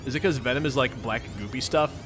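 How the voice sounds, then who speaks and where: Greeting viewers with upbeat, goofy playfulness, a young Midwestern-accented host reads a webcomic on his livestream. He talks fast in a mid-range voice over music.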